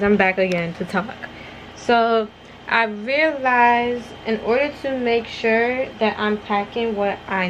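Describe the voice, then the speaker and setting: A woman's voice: medium pitch, slight background noise, poor audio. A young adult woman chatting casually to her viewers in a vlog, rambling and addressing them as y'all, from her bedroom. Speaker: vlogger.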